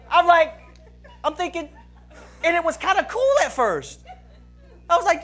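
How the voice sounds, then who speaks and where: A man's voice: very high-pitched, big pitch swings, slow pace, pauses often, sharp tone. A man preaching a humorous sermon at a church service, telling stories with frequent laughter and mimicking his friends' voices. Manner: playful storytelling with frequent laughter and voice imitations. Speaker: pastor.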